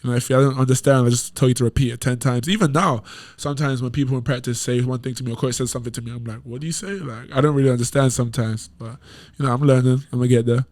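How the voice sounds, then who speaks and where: This podcast guest, a young adult college basketball player from England, spins stories in casual chat with heavy London slang, laughing and animated throughout. His mid-range voice races along.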